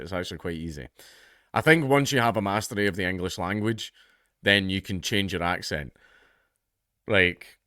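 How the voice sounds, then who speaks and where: A man's voice: lowish voice, pushed and bright, no echo, studio quality. A man with a toned-down Scottish accent, reading out a news story and commenting on it in a blunt, sweary, mocking way. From Scotland. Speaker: YouTube commentator.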